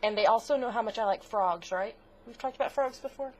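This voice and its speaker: A woman's voice: a little high, a little fast, darkish tone. A middle-aged woman co-hosting a crafts podcast in casual chat, gushing, chatty and easily moved. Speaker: podcast co-host.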